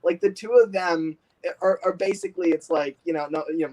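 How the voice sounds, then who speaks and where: A man's voice: high voice, fairly quick, darkish tone, low-quality recording. A man hosting a casual livestream chat, talking animatedly, laughing often and using lots of fillers. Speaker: livestream host.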